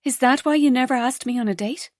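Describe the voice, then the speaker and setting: A woman narrator voicing a warm, earnest young heroine with an emotional, bright delivery. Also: high voice, fast, no echo, clean studio sound, voice pushed up, lightly acted. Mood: tender, elated.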